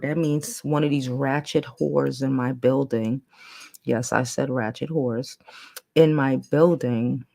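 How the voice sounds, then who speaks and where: Brief: hoarse, raspy-edged woman, loose playful livestream chat. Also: very deep voice, warm tone. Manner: playful, chatty, trailing off and restarting. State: hoarse, losing her voice. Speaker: livestream host.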